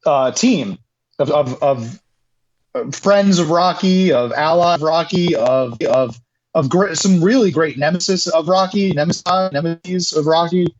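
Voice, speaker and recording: A man co-hosting a casual movie podcast, talking in a rambling, halting way. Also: fairly high pitch, muffled recording. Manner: rambling, halting, with restarts and laughs. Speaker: podcast co-host.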